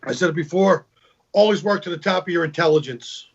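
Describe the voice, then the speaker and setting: Male comic guest, higher voice, husky, muffled call audio. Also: a little fast. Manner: storytelling, acts out joke voices, repeats words. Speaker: guest comedian. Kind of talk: casual video call interview. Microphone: video call. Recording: dull lo-fi video call audio.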